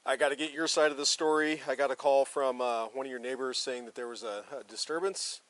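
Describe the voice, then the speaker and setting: Brisk, quick-talking male deputy. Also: mid-range voice, fairly even intonation, fairly bright tone. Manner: brisk, procedural questioning. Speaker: sheriff's deputy. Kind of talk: field interview. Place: outdoors. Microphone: body camera.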